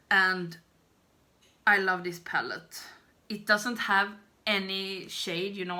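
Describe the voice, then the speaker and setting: A woman's voice: lowish voice, pushed and bright. A woman in her thirties, a beauty vlogger, chatting to camera in a rambling, self-deprecating, giggly way. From Sweden. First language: Swedish. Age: 30s. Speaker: beauty YouTuber. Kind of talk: casual chat to camera.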